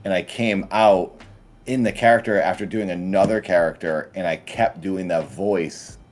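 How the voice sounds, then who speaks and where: A man's voice: deep voice, moderate pace, a little hiss or hum. A man, a guest comedian, telling rambling stories in casual podcast chat. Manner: rambling, animated storytelling.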